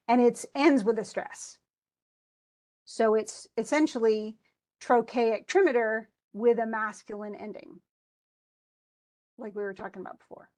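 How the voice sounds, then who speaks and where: A woman's voice: a little high, a little slow, pauses often. A woman English instructor giving a classroom lecture on poetic meter, reading verse aloud with marked stresses and thinking aloud with questions to students. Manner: reads verse aloud with stresses, tapping out rhythm syllables.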